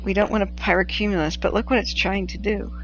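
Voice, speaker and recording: A woman's voice: mid-range voice, steady tone, fast talker, highs cut off, a little hiss or hum. A woman from the Pacific Northwest hosting a casual livestream, chatting, laughing often and reading viewer messages aloud. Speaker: livestream host tracking wildfires.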